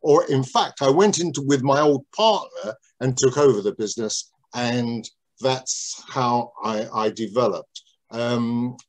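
An older man reminiscing in an interview about how he started in business, talking in a rambling, digressive way with many restarts. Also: mid-range voice.

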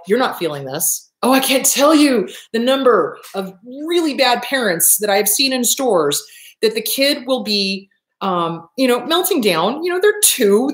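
A middle-aged woman, a therapist, giving blunt, profane, expressive advice in a casual monologue. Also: a little high. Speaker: therapist, show host. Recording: echoey room.

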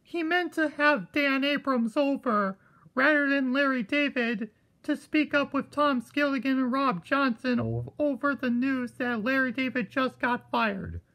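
Lady voicing stuffed animals in a goofy made-up skit, high voice, slow drawn-out talk. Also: fairly bright tone. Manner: rambling, switching between characters, chuckling "ho ho". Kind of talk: improvised toy skit.

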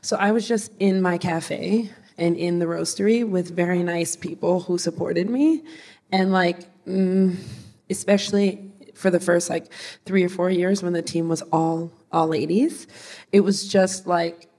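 Woman panelist, lower voice, relaxed chatty storytelling. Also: unhurried. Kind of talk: casual storytelling at a live panel.

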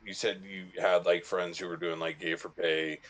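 A man's voice: low-pitched, little pitch movement, moderate pace, a bit bright. A man hosting a casual interview, asking loose questions full of filler words. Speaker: interviewer, show host.

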